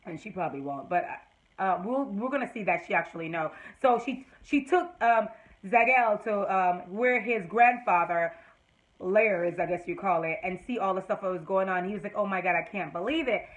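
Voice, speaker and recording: A woman vlogger giving a chatty, animated recap of a TV episode, full of fillers and restarts. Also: mid-range voice, normal speed, poor audio. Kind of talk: casual recap talk to camera.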